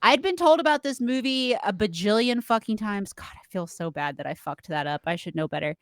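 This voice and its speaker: A woman chatting casually as co-host of a podcast, her voice at a middle pitch. She swears freely and apologizes often, poking fun at herself. The sound is close and dry, with no room around it. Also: animated, a little fast, dry recording. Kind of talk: casual chat.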